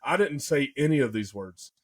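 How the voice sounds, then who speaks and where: A young man, excitedly telling a hunting story in casual podcast chat, full of folksy slang. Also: mid-range voice, moderate pace.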